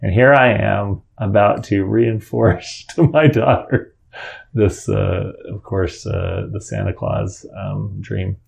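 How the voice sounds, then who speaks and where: A middle-aged father tells a story from his own life in a casual, earnest way. His voice sits low and carries a strong gravelly rasp. He rambles and keeps restarting his sentences. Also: fairly even intonation, takes it slowly. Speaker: father telling a personal story.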